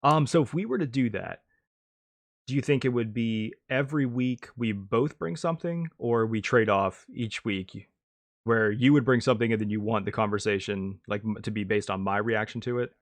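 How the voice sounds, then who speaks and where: Low-voiced man planning a podcast. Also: moderate pace. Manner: plans aloud with many fillers and restarts. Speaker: podcast co-host. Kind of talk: casual chat.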